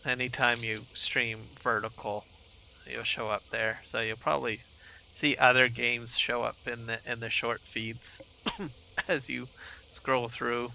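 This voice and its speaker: A man's voice: mid-range voice, flat delivery, takes it slowly, gravelly, bright, forceful tone, highs cut off, slight background noise. A man streaming a game live, chatting with viewers in a laid-back, rambling way while he plays. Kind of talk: casual live gameplay commentary.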